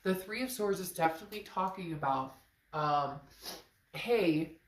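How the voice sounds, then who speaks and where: Woman, tarot reader, lower voice, stuffy nose, emphatic casual talk, echoey room. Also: lively intonation, measured pace. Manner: emphatic, conversational, talks straight to the viewer. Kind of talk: tarot reading monologue.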